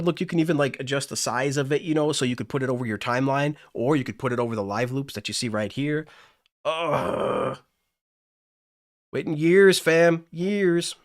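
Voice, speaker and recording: A man's voice: mid-range voice, dry recording, clean studio sound. Enthusiastic man hosting a music livestream. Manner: enthusiastic, gushing. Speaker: livestream host. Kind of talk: casual livestream chat.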